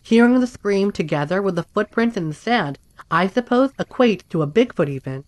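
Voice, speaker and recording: A woman reading first-person accounts aloud in a steady, even scripted narration. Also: medium pitch, normal speed, no room sound. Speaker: story narrator.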